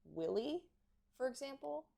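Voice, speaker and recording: A woman's voice: high-pitched, very animated, a little slow, gravelly, warm tone. A woman co-hosting a casual horse podcast, telling a personal story in a heartfelt, emotional way. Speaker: podcast co-host.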